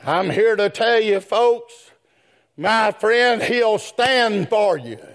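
A man preaching a sermon in a whooping, chanted style, swinging between quick low asides and drawn-out shouted phrases, with folksy speech and calls to "brethren.". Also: animated.

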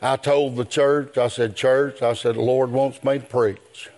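An older man, preaching a sermon in a rhythmic style that builds to shouts. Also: medium pitch, fairly even intonation, measured pace.

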